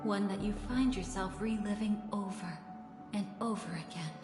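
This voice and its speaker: An actress playing an enigmatic, teasing woman who speaks in a smooth, measured, mysterious way, recorded as game voice acting. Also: mid-range voice, natural voice. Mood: cryptic. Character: enigmatic, teasing woman with a cryptic, knowing air. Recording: reverberant game audio with music.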